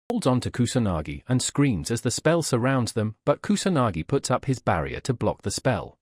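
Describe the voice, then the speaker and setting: Male recap narrator, brisk, animated delivery, dry close mic. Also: mid-range voice, dry recording. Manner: brisk, storytelling. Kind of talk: scripted story recap narration.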